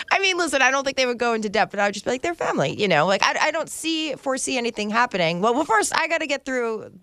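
A woman co-hosting a casual chat, playful and quick to laugh as she pitches a silly scheme. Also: very animated, a bit bright, no echo, clean studio sound. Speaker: co-host.

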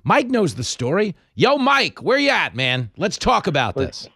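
A man's voice: high-pitched, a little slow, gravelly, breathy edge, no echo, studio quality. A man hosting a talk radio show, taking a caller with sarcastic, mocking banter. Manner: sarcastic, animated, mimics people.

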